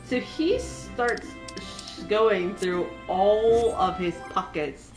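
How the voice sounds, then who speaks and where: A woman streamer talks through a game session in a casual, rambling way, often breaking into giggles. Her voice sits at a medium pitch. Game music plays clearly behind her. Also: extremely slow. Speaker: streamer playing a game with a friend. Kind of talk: casual chat while gaming.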